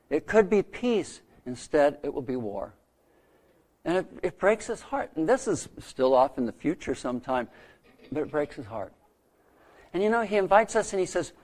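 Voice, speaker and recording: A middle-aged man preaching a sermon, telling a story earnestly with dramatic pauses. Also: a little high, sing-song, darkish tone. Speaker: pastor.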